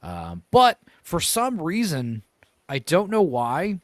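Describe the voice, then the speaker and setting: A man hosting a casual podcast, chatting about movies in a rambling way, with many pauses and self-corrections. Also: fairly high pitch, huge pitch swings, no room sound, clean studio sound. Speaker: podcast host.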